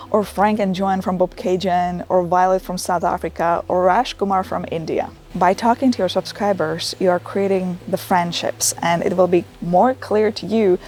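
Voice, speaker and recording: A woman's voice: mid-range voice, a little mellow. A middle-aged woman, not a native English speaker, talks straight to the camera in an earnest, encouraging vlog tutorial. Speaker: YouTuber giving tips.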